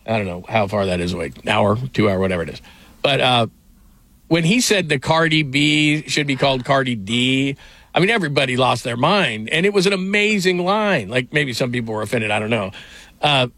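Loose and rambling, a middle-aged man tells stories on his sports radio show, stumbling through fillers and restarts and laughing often in casual sports talk. The recording is dry; his mid-range voice is fairly quick, a bit bright, and lively in intonation.

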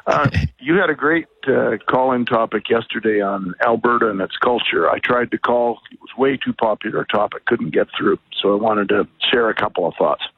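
A man from British Columbia calling in to a radio talk show, speaking in a measured, thoughtful way with pauses and fillers. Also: mid-range voice, dry recording. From British Columbia, Canada. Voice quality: husky, gravelly. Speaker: caller. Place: outdoors on a bike ride. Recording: tinny dry phone line.

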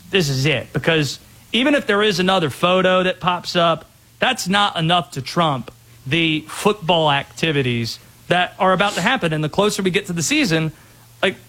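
A man co-hosting a sports talk show, arguing his points in a quick, wry and opinionated way. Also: high voice, pushed and bright, rough recording. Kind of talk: casual sports debate.

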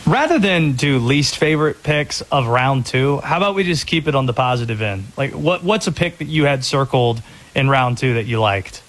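A man hosting a sports talk radio show, bantering quickly about draft picks. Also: mid-range voice, expressive, a bit bright.

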